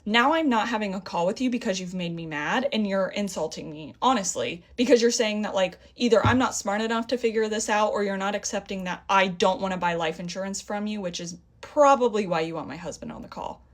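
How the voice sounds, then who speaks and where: A woman's voice: mid-range voice, fairly quick, few pauses. A young woman telling a story in a casual vlog, heated and indignant, acting out a back-and-forth conversation. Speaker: vlogger.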